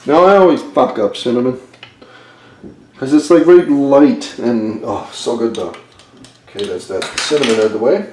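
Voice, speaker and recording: In an echoey home kitchen, a man with a medium-pitched, slightly mellow voice bakes and talks at normal speed, captured by a distant camera mic with a bit of hiss or hum. He rambles casually and teases himself while working on the video.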